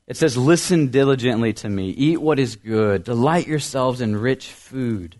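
A young man preaching a sermon as a pastor, earnest and storytelling, building emphasis and letting phrases trail off softly. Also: medium pitch, a little slow.

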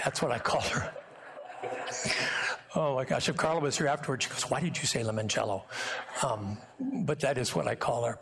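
An older man preaching a sermon, moving between impassioned acted-out scenes and quiet, intimate storytelling. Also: mid-range voice, vocal fry. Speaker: guest pastor. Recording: church sanctuary sermon audio.

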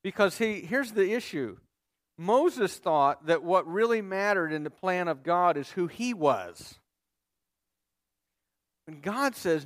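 A man's voice: high-pitched, lively intonation, takes it slowly, pauses often, dry recording. A male pastor preaching a sermon, reading scripture aloud and explaining it to his listeners, calling for their responses.

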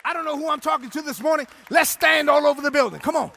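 High-pitched, shouting preacher. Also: male voice, fast, creaky, some chatter behind. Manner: preaching in shouted, sing-song bursts. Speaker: pastor. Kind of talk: sermon. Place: church sanctuary.

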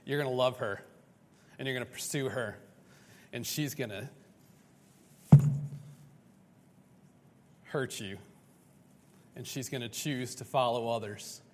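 A man voicing God speaking firmly and quietly, in a reverberant hall. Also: racing, close to an everyday voice. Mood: solemn. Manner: low, quiet and resolute. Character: God as a calm, firm divine father.

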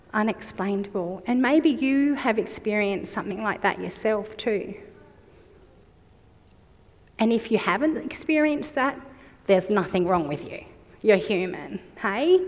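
A woman in her forties delivers a sermon at a slow, unhurried pace, her voice sitting a little high. She speaks reflectively and personally, and a long reverb trails behind her words in a church hall. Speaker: preacher.

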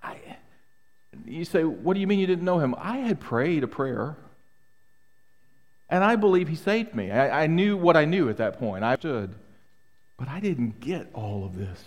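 A man's voice: on the high side, very animated, measured pace, pauses often. A middle-aged man preaching a sermon to his congregation, emphatic and full of rhetorical questions. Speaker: pastor. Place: church sanctuary. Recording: long hall reverb.

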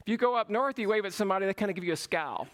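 A man's voice: sits high, lively intonation, rapid-fire, a bit bright. A middle-aged man with a Southern US accent from Georgia, preaching a sermon in a folksy, humorous storytelling manner. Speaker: pastor.

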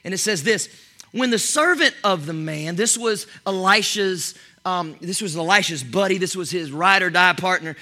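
In a high, very bright voice, a man preaches a sermon full of energy, alternating near-shouting with soft whispers. He builds momentum while stumbling over restarts and repeating himself.

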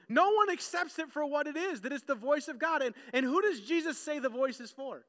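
High-voiced, animated preaching man. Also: a little fast, few pauses, long reverb tail. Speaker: pastor. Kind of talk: sermon.

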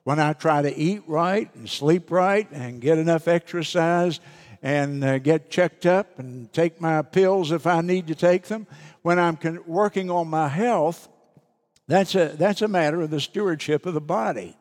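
A middle-aged man pastor preaching a sermon, deliberate and repeating key phrases for emphasis. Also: fairly high pitch, darkish tone, in a large hall.

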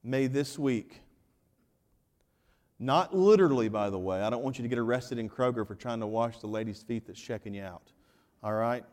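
A man preaching a sermon as pastor, animated and joking with the congregation, dropping to hushed emphasis on key points. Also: medium pitch, normal speed, big-room sound. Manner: jokes with the congregation.

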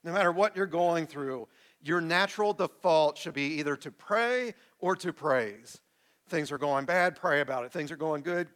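A man in his forties delivers a sermon from the pulpit, his voice bright and a touch higher than most men's. He reads scripture and works the congregation with call-and-response, getting lively as he goes. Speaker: pastor. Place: church sanctuary with a live congregation.

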